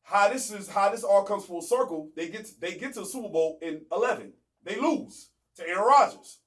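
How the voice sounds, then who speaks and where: A man hosting a sports show, arguing hard in a loud, emphatic way and often asking "you know what I'm saying". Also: high-pitched, lively intonation, brisk, distant mic. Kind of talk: heated sports debate.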